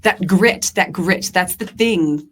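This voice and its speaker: A woman's voice: lowish voice, takes it slowly. A young adult woman, a diner owner and chef, talking earnestly and passionately as a podcast guest, with many fillers and restarts. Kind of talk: casual interview chat.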